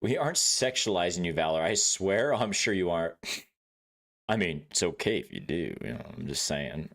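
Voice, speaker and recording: A man's voice: sits low, sing-song, normal speed, vocal fry, fairly bright tone. A man casually chatting with viewers during a gameplay livestream, swearing freely, laughing and greeting chat by name.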